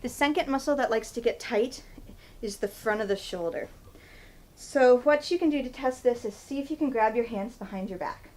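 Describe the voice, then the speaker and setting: A physical therapist in her thirties demonstrates stretches in a chatty how-to vlog, laughing at herself along the way. Her voice is a little high and slightly mellow, with a moderate pace, and the recording is rough.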